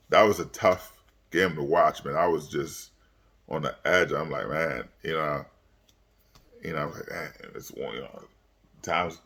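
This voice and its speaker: A young man runs through a late-night sports recap for his casual commentary vlog, his low voice still carrying a bright, forceful edge. Tired and yawning, he rambles and keeps stumbling over fillers and repeats.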